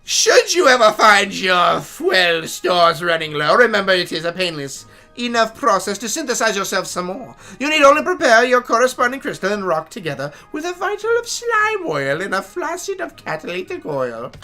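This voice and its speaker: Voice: mid-range voice, sing-song, moderate pace, few pauses, pushed and bright, soft background music, voice pushed up. A gamer voicing a pompous male scientist in a put-on German accent, reading game dialogue aloud in a formal, lecturing way.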